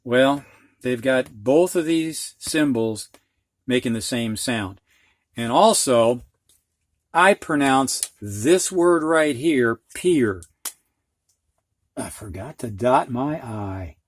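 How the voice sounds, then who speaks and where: A man with a Midwestern American accent teaches reading, explaining dictionary pronunciation symbols frankly and plainly and stretching out sounds to demonstrate them. His mid-range voice is expressive and slow, with frequent pauses. The lesson is slow and explanatory, and the recording is dry.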